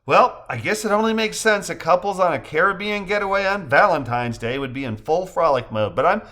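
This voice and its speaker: Male reader doing high, wry young woman, storybook, lively pitch. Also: fairly quick. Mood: relaxed. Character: young adult woman on a low-key beach vacation.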